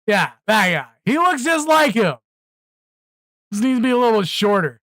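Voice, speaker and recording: A man's voice: high voice, sing-song, moderate pace, fairly bright tone, no echo. A man hosting a live reaction stream, talking bluntly and exclaiming, often repeating himself when worked up. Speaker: streamer host.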